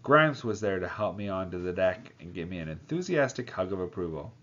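A man's voice: deep voice, very animated, a little fast, fairly bright tone. A man reading a novel aloud, voicing the characters and breaking off now and then to comment. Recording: dull lo-fi sound.

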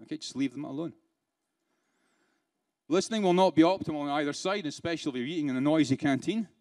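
Giving a live keynote in a conference room, a British man speaks conversationally, mixing rhetorical questions with dry sarcasm. His voice is on the high side and a little mellow, he talks fast, and there is no room sound.

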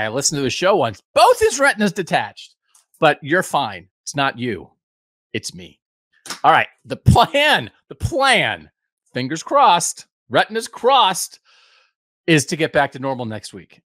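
A man's voice: medium pitch, a bit bright, no echo, clean studio sound. A man in his fifties, a podcast host giving a casual, rambling, self-deprecating update from home. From United States. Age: 50s.

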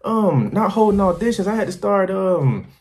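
A man with a somewhat high-pitched voice talks straight to his viewers in a loose, rambling vlog. He is animated and crude, and he keeps breaking into quoted voices as he tells his story. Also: normal speed. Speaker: travel vlogger. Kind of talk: casual storytelling to camera.

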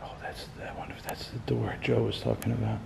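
Alone at night in an empty house, a ghost-hunting vlogger swears and calls out to spirits while sweating, dizzy, nervous, and breathless. He speaks fairly quickly in a fairly low, flat voice with vocal fry, against heavy background noise.

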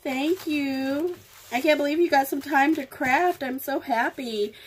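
Unboxing crafting mail at home, this woman vlogger chats casually, gushing with affection in a slow, drawn-out manner. Her voice is high, and there's a little hiss or hum in the recording.

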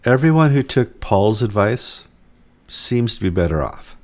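A man with a fairly low voice runs a relaxed news chat. He brings up stories in an easygoing way and drops dry quips between them. The tone is unhurried and conversational. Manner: easygoing, leading the talk with quips. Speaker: news show host and reporter. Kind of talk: casual news banter.

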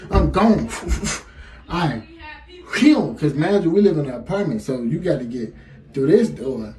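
A man in his twenties with a heavy Chicago accent, telling a story to camera in a lively, slangy way and laughing often. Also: fairly high pitch, unhurried. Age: 20s. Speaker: vlogger. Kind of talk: casual storytime. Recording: echoey room, faint music.

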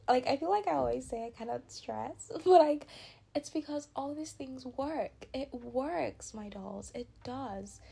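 A woman's voice: fairly high pitch, creaky, dark tone. A young adult woman hosting a casual advice chat, upbeat and chatty, often saying "like" and acting out quoted dialogue. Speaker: podcast host.

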